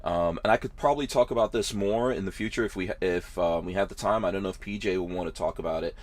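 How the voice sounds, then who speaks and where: Low-voiced man hosting a van podcast. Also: fast talker. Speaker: podcast host. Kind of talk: casual podcast interview.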